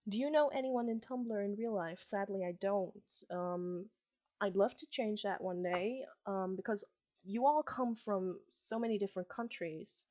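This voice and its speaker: A late-teen vlogger speaks unhurriedly at medium pitch over lo-fi sound. Having grown up between Germany and Malaysia, she carries a slight combined German and Malaysian accent in English, and her casual webcam talk rambles with frequent ums and restarts.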